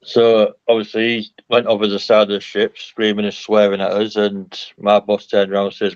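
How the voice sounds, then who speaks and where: A man's voice: fairly low pitch, monotone, moderate pace, few pauses, no room sound. Blunt middle-aged man on a muffled call. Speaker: panel guest, ex-army dock worker. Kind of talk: casual chat on a livestream. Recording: dull, muffled call audio.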